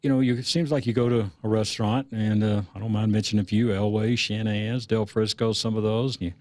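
A man's voice: on the low side, fairly even intonation, fairly quick, a little mellow, no room sound. A man hosting a radio talk show, casual and upbeat as he chats with his guest.

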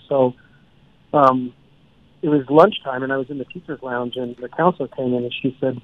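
A man's voice: mid-range voice, moderate pace, dry recording. Man telling a story over the phone. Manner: relaxed anecdotal storytelling with frequent fillers. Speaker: children's author. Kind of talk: storytelling in a radio interview. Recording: dry tinny phone line.

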